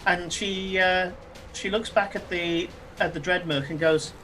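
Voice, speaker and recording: A man narrating as game master of a tabletop game, speaking haltingly with many fillers. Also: sits high, fairly even intonation, sharp tone, soft background music.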